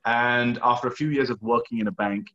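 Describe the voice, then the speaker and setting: Animated male storyteller, lo-fi sound. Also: mid-range voice, a little fast. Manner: animated, acts out quoted dialogue. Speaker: guest, skier. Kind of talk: storytelling in conversation.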